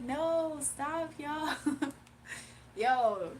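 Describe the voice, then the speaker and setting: A young woman talks to her livestream chat in a casual, animated way, breaking into laughter often. Her voice sits high, and a faint hum of noise runs under the phone or webcam recording. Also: slow pace. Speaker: livestream host.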